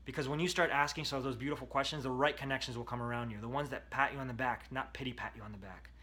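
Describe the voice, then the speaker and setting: Male self-help coach, emphatic motivational delivery, bright tone. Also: mid-range voice, fairly even intonation, rapid-fire. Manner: emphatic, coaching, repeats key phrases. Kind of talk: motivational talk to camera.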